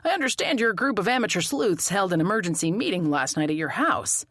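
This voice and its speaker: A woman voicing a stern, dogged male police detective who speaks in a formal, measured, firm way. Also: medium pitch, very animated, a bit bright, no room sound, studio quality.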